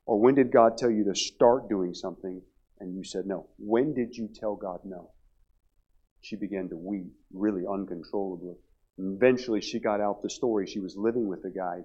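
A man's voice: fairly low pitch, warm tone. A middle-aged male pastor preaching a revival sermon, telling a story with many repeated restarts. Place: church revival service. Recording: dull lo-fi sound.

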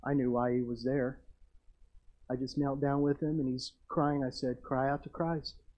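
A middle-aged man, a pastor telling stories in a sermon and swinging from hushed to emphatic. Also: mid-range voice, little pitch movement, moderate pace, dull audio.

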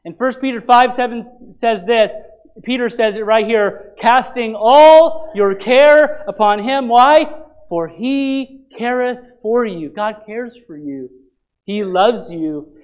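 A man's voice: very high voice, takes it slowly, rough recording. A male pastor giving an earnest, conversational sermon in a church, asking his listeners rhetorical questions.

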